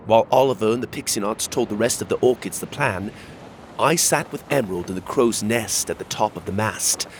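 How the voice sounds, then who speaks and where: A man narrating a children's fantasy story in the first person, with expressive storytelling. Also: fairly low pitch, a little fast, a little hiss or hum.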